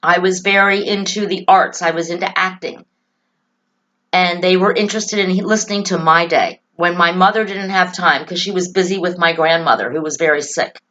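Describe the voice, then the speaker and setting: In a personal talk to camera, this female political vlogger speaks earnestly and emotionally, sharing strong opinions about her life. Her lowish, a bit bright voice has fairly even intonation and a moderate pace, and the recording quality is low.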